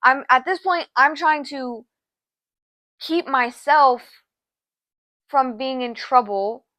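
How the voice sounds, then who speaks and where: A woman's voice: high voice, slow, sharp tone, dry recording. A young adult woman co-hosting a podcast, telling a personal story in an earnest, emotional way and acting out other people's words. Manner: earnest, emotional, acts out quoted voices. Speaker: podcast co-host.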